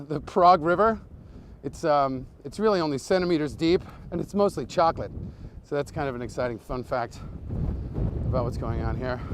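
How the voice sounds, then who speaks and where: A man giving a joking live-streamed walking tour outdoors at night, reeling off absurd fake facts in a deadpan way and greeting viewers as he strolls, recorded on a handheld phone. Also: on the high side, background noise. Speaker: comedy tour guide.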